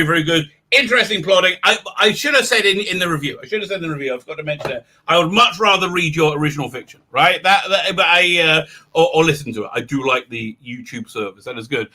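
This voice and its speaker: A man with an English accent hosts a casual livestream, rambling through chat with stammered restarts and crude asides. His voice sits high and sounds very bright and forceful. He breaks into loud laughter and shouting now and then. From England. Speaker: livestream host.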